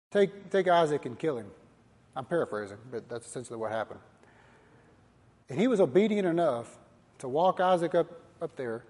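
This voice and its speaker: A man's voice: on the high side, a little mellow, slightly rough, long reverb tail. A man preaching a sermon as a pastor, earnest and repetitive, challenging his listeners directly.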